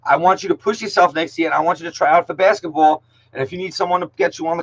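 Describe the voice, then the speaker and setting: A man's voice: on the high side, fairly even intonation, rapid-fire, husky, muffled recording. A man, teaching an online class in a casual, jokey way, slangy, saying "yo" a lot and calling out students by name. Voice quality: slangy, peppers speech with "yo". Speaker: middle school English teacher.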